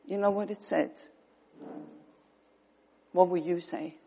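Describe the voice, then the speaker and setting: Woman, preaching, earnest, husky breathy tone. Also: on the low side, steady tone. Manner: earnest, pausing, drops to soft tones for emphasis. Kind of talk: sermon.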